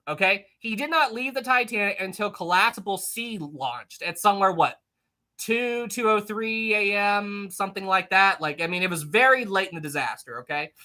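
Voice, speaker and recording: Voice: medium pitch, bright, forceful tone. A young adult hosting a livestream, chatting casually about history, rambling and reading chat messages aloud. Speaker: livestream host.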